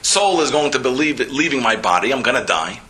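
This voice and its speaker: A man voicing an elderly Hasidic rabbi who calmly explains himself to his students, in a roomy hall. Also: mid-range voice, a little fast, voice pushed down. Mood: explaining. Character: elderly male Hasidic rabbi, calm and reflective. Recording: roomy lecture hall echo.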